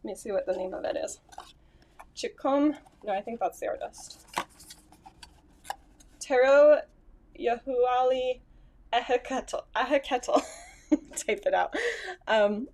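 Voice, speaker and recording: A woman's voice: medium pitch, fairly even intonation, fairly quick, vocal fry. Chatty woman vlogging on a phone. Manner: chatty, rambling, self-correcting with small laughs. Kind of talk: casual chat to camera. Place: at home, indoors. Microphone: phone camera.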